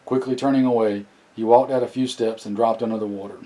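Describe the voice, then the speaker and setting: A man narrating an audiobook in a plain, steady reading with occasional restarts. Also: medium pitch, fast, rough recording. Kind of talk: scripted narration.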